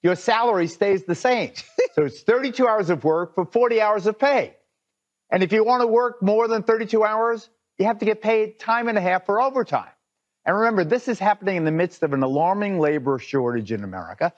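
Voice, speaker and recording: A man with a notably high voice hosts a televised panel. He sets up the story with punchy, sarcastic framing. The sound is dull and lo-fi, like a replayed TV clip. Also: fairly quick. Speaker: TV panel host. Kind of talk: broadcast panel commentary.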